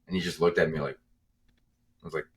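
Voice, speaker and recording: A young comedian guest on a podcast with a very low, deep voice, rambling easily through his stories. A faint hum of room noise sits under his talk. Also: fairly even intonation, fast. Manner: laid-back, rambling storyteller. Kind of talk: casual podcast chat.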